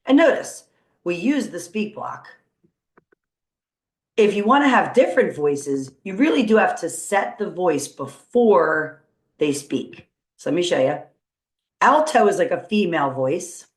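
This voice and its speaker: Woman, teacher, coding tutorial, upbeat, encouraging, thinking aloud, lowish voice, echoey room. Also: animated, a little slow. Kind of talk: screen-recorded coding tutorial. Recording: roomy echo.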